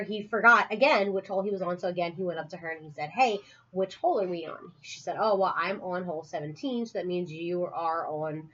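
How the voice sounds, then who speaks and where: Female co-host, casual book chat, laughs through her stories, mid-pitched, lo-fi recording. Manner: giggly storyteller, laughs often. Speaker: podcast co-host.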